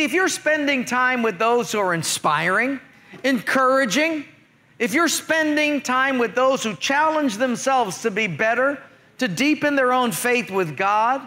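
A male pastor preaching a sermon to his congregation, telling jokes and stories in an animated way. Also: extremely high pitch. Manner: jokey storyteller, animated.

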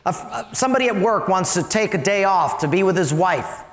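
A male pastor giving a sermon, animated and storytelling, asking the congregation to join in. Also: high-pitched, brisk, reverberant, long reverb tail.

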